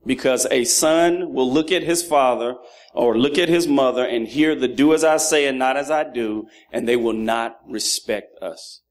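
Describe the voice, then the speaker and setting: A man's sermon, spoken at medium pitch and a moderate pace: in his thirties, he mixes lighthearted stories about his sons with fatherhood lessons. He's animated and does his children's voices.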